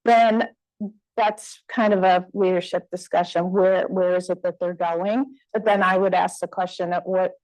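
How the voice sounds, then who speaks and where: In a conference room, a woman presenter fields audience questions after her talk, speaking conversationally with fillers and restarts. Her voice is medium-pitched and a little mellow, and the recording quality is low.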